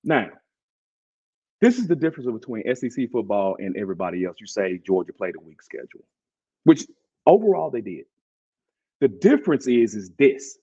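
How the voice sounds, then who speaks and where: A man with a Southern twang hosting a casual sports talk show, animated and slangy, leaning on "bro" to drive points home. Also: mid-range voice, moderate pace, long pauses, husky, dull audio. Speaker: podcast host.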